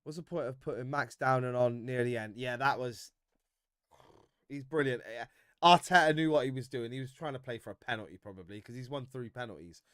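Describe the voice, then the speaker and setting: A man hosting a casual football fan livestream, reading viewer comments with animated banter and frequent laughs. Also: mid-range voice, a little fast, dry recording, clean studio sound.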